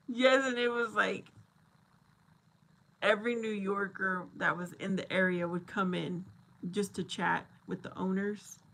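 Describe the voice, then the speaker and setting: A woman's voice: mid-range voice, fairly even intonation, takes it slowly, gravelly, pauses often, a bit bright. A woman in her forties hosting a casual live chat, reading viewer comments, laughing often and thinking aloud as she talks. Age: 40s.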